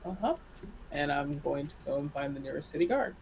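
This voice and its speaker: A man's voice: on the high side, animated, brisk, creaky, highs cut off, slight background noise. A man playing his character in a tabletop game, brash and profane, laughing often. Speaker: player. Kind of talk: tabletop role-play.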